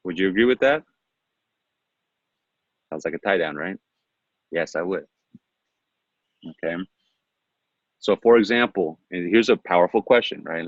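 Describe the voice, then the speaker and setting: Brief: deep-voiced male sales trainer, chatty and coaching, dry slightly dull recording. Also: moderate pace, long pauses, husky, dry recording. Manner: coaching, asks rhetorical questions, role-plays pitches. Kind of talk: training presentation.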